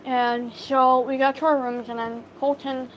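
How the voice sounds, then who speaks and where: A woman with a high voice tells a story to live viewers into her phone, taking her time. She talks in a halting way, full of fillers and restarts. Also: level tone, a little hiss or hum, poor audio. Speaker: livestream storyteller.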